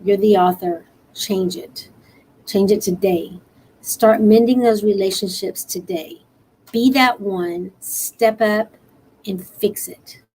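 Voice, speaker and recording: An earnest woman from Texas hosts an encouraging live-stream talk, her voice a little worn from a long night. She laughs easily between her calls to help others, at an ordinary mid-level pitch. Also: takes it slowly, darkish tone, slightly rough, low-quality recording. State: tired after a long night. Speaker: show host.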